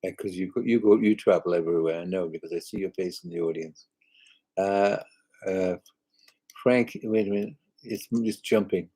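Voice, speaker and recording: An older man in a relaxed live chat, answering fans' comments one by one. His voice sits on the low side, and he talks in halting, rambling bursts studded with "you know" and soft chuckles. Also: breathy edge, low-quality recording. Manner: chuckles often. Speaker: singer hosting a live chat. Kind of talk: casual live chat reading viewer comments.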